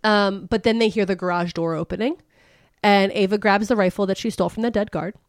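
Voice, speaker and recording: A woman hosting a podcast, retelling a novel in a casual, chatty way, full of fillers and quick laughs. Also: medium pitch, steady tone, no room sound, studio quality. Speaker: podcast host. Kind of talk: casual book recap chat.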